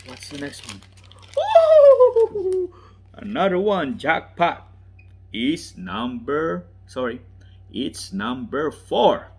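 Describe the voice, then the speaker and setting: A man with a non-native English accent unboxing toy cars, enthusiastic and repetitive, often dropping into soft whispers. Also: mid-range voice, slightly rough. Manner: drops to soft whispers while handling toys; enthusiastic, repeats words, addresses "ladies and gentlemen". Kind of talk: unboxing commentary.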